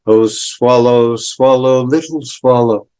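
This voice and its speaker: An older man voicing a sorrowful young prince statue who pleads gently, retold as a story in a lecture. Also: medium pitch, clear, resonant tone, close to an everyday voice. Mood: pleading. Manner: pleading, repeats his refrain slowly.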